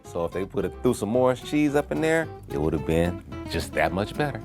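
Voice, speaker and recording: A man casually reviewing a dish he tastes, relaxed and easygoing. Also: lowish voice, brisk, over music. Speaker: taste tester.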